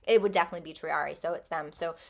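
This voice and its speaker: A woman's voice: sits low, fairly even intonation, rapid-fire, creaky. A woman casually recapping a book plot in a chatty way, with many ums and likes. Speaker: book vlogger.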